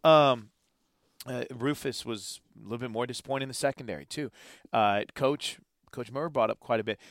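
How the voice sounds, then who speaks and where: A man's voice: mid-range voice, moderate pace, a bit bright, no room sound. A man co-hosting a sports talk show in casual chat, rambling and enthusiastic, acting out the people he quotes.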